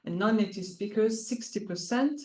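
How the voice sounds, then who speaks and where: A woman's voice: medium pitch, moderate pace, darkish tone. A woman giving an academic conference talk, explaining step by step with frequent hesitations and fillers. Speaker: conference presenter. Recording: echoey room.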